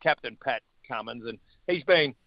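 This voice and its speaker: A middle-aged Australian man talking sport in a blokey, animated way. His voice is dry and close, with a slightly dull, muffled sound. He sits at a middling pitch for a man. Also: moderate pace, no room sound. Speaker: guest, former rugby player and radio host. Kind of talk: casual sports chat.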